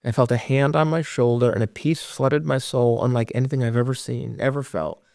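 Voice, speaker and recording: A middle-aged man telling his own story as a podcast guest, earnest and halting, often dropping to a hush. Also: medium pitch, gravelly, no room sound, studio quality. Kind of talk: personal storytelling.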